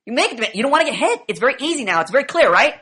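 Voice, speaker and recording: Woman instructor, bright and forceful, swears freely, pushes the class with rapid questions. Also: high voice, sing-song, slightly rough. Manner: profane, emphatic, rapid rhetorical questioning. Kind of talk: classroom lecture.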